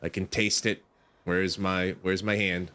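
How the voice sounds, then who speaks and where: A man's voice: low voice, level tone, unhurried, pushed and bright. A man doing let's play commentary, chatty and self-mocking as he talks himself through the game. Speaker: gaming streamer.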